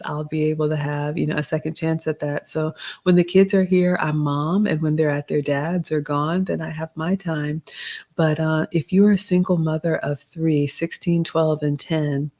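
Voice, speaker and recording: A middle-aged woman, hosting a live Q&A, reading out chat comments and giving gentle advice in a casual tone. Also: deep voice, fairly even intonation, normal speed. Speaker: livestream host answering chat questions.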